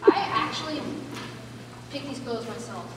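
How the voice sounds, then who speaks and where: A woman's voice: high-pitched, animated, unhurried, slight background noise. A woman on stage playing a gloomy young male lead with dry, wry remarks, heard from far off in an echoey hall. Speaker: stage actor. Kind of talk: amateur stage play performance. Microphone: far room mic.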